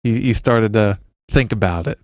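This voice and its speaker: A man co-hosting a podcast, joking around in casual chat and reading lyrics out slowly. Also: fairly low pitch, darkish tone, no room sound, studio quality. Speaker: podcast co-host.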